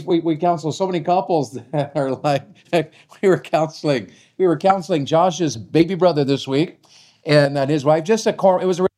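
A man's voice: fairly high pitch, a little mellow. Folksy preacher man. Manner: folksy, asks the audience questions. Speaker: pastor. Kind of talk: sermon on marriage.

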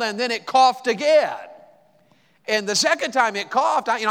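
A male evangelist telling a folksy, animated story in a sermon, rising to excited exclamations. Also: sits high, normal speed, smooth. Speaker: evangelist preacher. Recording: long hall reverb.

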